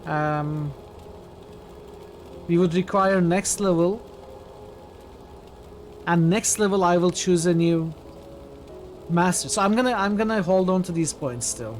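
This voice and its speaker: A man's voice: sits high, takes it slowly, long pauses, slight background noise. Man musing over gameplay. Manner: thinking aloud, hesitant with fillers. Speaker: streamer. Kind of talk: casual gameplay commentary.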